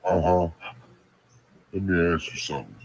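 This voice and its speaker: A man asking questions casually, halting and repeating himself. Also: sits low, creaky, darkish tone, rough recording. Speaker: street reporter.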